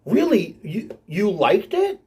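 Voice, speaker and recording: A man's voice: high-pitched, huge pitch swings, takes it slowly, darkish tone, husky, voice pushed up, exaggerated voice. A man voicing a hardy, polite female lion-like alien brewer in a tabletop game.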